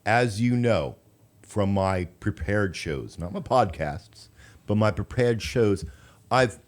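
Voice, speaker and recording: A deep-voiced man hosts a local radio talk show. He is chatty and full of advice, and his words tumble and repeat as he goes. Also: expressive, takes it slowly. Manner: chatty, coaching, trips over his words. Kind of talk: casual radio interview chat.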